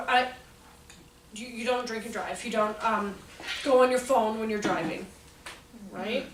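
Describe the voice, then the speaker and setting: A woman's voice: sits high, fairly bright tone. A woman giving a workshop talk, telling stories in a chatty way, laughing often and acting out voices. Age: adult. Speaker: workshop presenter. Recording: roomy echo, from a distance, faint room noise.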